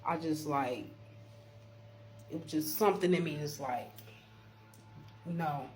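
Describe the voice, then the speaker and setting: A woman telling a workplace story straight to her viewers in a casual storytime vlog, emphatic and animated, slipping into preachy encouragement. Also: deep voice, slow. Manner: emphatic, animated retelling, keeps addressing viewers. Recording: steady background hum.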